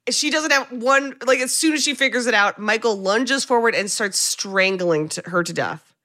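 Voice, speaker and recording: A woman hosting a podcast, casually retelling a film scene by scene with animated delivery and some swearing. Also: a little high, moderate pace. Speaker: podcast host recapping a film. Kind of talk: casual chat.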